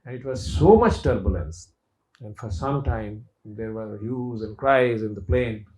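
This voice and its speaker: A man's voice: on the low side, animated, unhurried, darkish tone. A middle-aged man, a doctor telling a personal story in a lecture with an anecdotal manner. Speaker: doctor and speaker. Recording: echoey, dull lecture sound.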